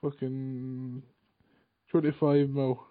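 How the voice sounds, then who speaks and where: Slow guy on a tinny line. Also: mid-range voice, little pitch movement. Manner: short replies, swearing. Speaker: podcast co-host. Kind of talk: casual chat.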